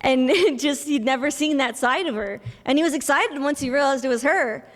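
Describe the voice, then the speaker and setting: A young woman giving a memorial speech for her mother, telling family stories with soft laughs and acting out bits of dialogue. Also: high-pitched, normal speed. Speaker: eulogy speaker, daughter of the deceased. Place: memorial service hall. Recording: long reverb of a large hall.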